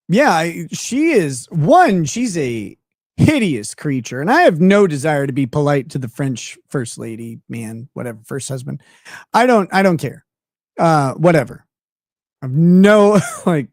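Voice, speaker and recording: A man's voice: on the high side, very animated, unhurried, no echo, studio quality. A man hosting a livestream in casual chat, blunt and profane, laughing often. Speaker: livestream host.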